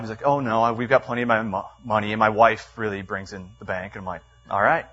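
A man delivering a storytelling sermon in a church meeting room, animated, with many fillers, acting out the quotes in his story. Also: fairly low pitch, fast talker, hardly any pauses, muffled recording.

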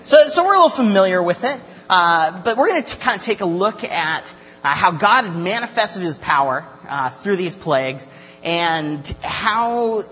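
A man's voice: a little high, fairly bright tone. A young man teaching a casual Bible lesson, chatty and joking with many filler uhs. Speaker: youth Bible study teacher. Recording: reverberant lo-fi hall recording with faint hum.

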